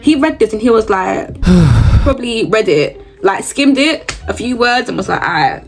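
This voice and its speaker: A woman's voice: on the high side, very animated, moderate pace, faint music behind. A young woman hosting her own show, reading posts aloud and reacting bluntly with laughs and gasps. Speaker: host reading reddit posts. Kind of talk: casual reaction commentary.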